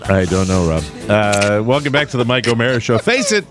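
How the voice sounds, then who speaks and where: A man's voice: lowish voice, a little fast, music in the background. A man hosting a comedy podcast in casual chat, joking and reading ads. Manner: playful, jokey, animated. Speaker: podcast host.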